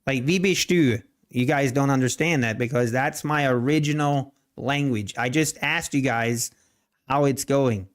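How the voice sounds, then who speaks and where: A man's voice: mid-range voice, steady tone, unhurried. A man with a Pennsylvania Dutch accent, a native speaker of that dialect, hosting a live day-trading stream and joking casually with his viewers. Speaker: day trading livestream host.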